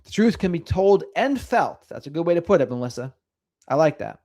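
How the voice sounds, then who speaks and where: His voice on the high side and a little fast, a middle-aged man chats with viewers and reads their comments during a casual livestream. The delivery is lively and sing-songy.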